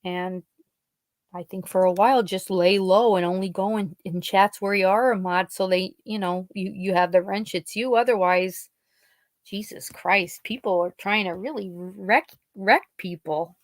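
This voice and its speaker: A woman's voice: medium pitch, steady tone, unhurried, no room sound. A woman from Pennsylvania hosting a podcast, chatting casually with live listeners and telling rambling stories full of quoted dialogue. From Pennsylvania, USA. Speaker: podcast host.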